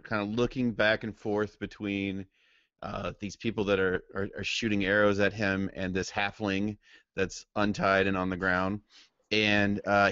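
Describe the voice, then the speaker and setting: A man's voice: on the low side, fairly bright tone, dry recording. A man playing a tabletop game, hesitant and full of ums and restarts. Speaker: player. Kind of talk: tabletop game play over voice chat. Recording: dull dry lo-fi mic.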